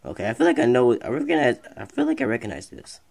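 A streamer giving casual let's-play commentary, excitable and rambling, talking back to the game. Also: mid-range voice, fast, creaky. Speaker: gameplay streamer.

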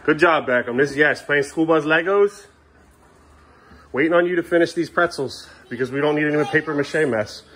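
A tired father chatting casually with his young kids in the kitchen of the family home, weary and exasperated, sometimes raising his voice and often trailing off low and mumbly. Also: moderate pace, a bit bright. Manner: raises his voice at a defiant child.

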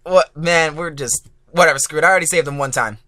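A man doing let's play commentary as a gaming YouTuber, excitable and swearing, yelling at the game and groaning when he fails. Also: fairly high pitch, quick pace, dry recording, clean studio sound. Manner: groaning frustration at failures.

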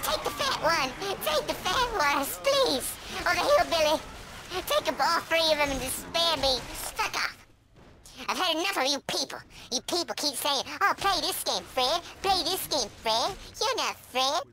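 A man's voice: expressive, a little slow, noisy background, heavily acted. A man voicing a hyperactive, crude young boy who panics and shrieks while commenting on a video game. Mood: panicked. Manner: frantic shrieking, sudden swings to low mutters. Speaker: gamer. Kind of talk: comedic let's-play commentary.

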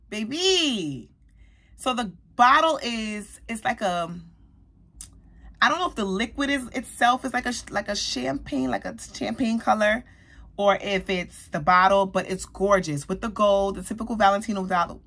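Chatty, bright-voiced woman vlogger. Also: medium pitch. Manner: animated, chatty, addresses viewers as y'all. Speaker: beauty vlogger. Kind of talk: casual product review.

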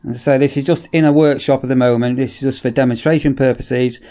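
A man giving a casual, chatty product demonstration in a workshop, often repeating "as I say" and pausing on ums. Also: mid-range voice, steady tone, warm tone. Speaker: product reviewer.

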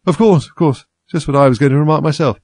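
A man voicing a sleepy, sulky little male dormouse with a hoarse, feeble voice in a storybook reading. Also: a little high, fast talker, a little mellow, dry recording, voice pushed up. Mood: drowsy.

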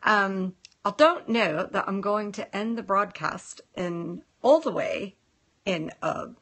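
A woman's voice: mid-range voice, slow, a bit bright. A woman from the United States, a nail technician hosting a casual live broadcast, blunt and exasperated, talking straight to her viewers. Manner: blunt and exasperated, addresses viewers and comments directly. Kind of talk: casual live-stream chat.

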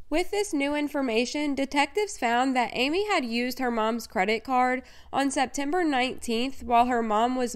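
A woman with a high, smooth voice reads a true crime script in a steady, matter-of-fact way. Her delivery is even and measured, with clean, resonant diction throughout. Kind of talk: scripted narration.

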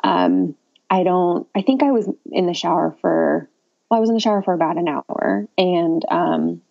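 Gravelly, low-pitched woman telling her story. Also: sing-song, normal speed. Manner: candid, chatty, wry and self-mocking. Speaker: podcast guest. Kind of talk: casual birth story telling. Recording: dull lo-fi audio.

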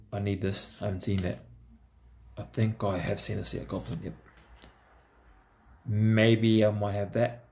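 A card-opening vlogger with a fairly low, dark voice rips open trading card packs. He mutters along to himself in an easygoing, talkative manner.

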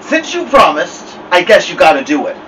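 A small weepy girl, voiced by a man reading aloud, sniffling and begging. The voice sits way up high and jumps around. The mic is a little distant, with faint room hum. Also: very animated, normal speed, bright, forceful tone, exaggerated voice. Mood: sobbing. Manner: sniffly pleading. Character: young girl, tearful and pleading.

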